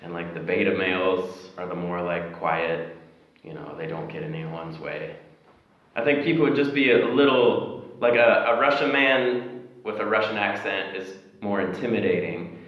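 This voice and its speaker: A relaxed American man with a lowish voice talks in a loose, rambling way. The sound is echoey and dull, with a faint hiss behind him. It has the feel of a casual interview chat. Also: moderate pace. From United States. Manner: easygoing, rambling, chatty.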